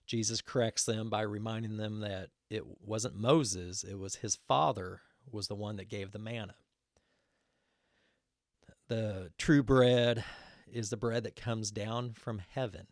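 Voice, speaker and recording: A man's voice: fairly low pitch, no echo, clean studio sound. A man giving an earnest Bible teaching talk, explaining verses with frequent fillers.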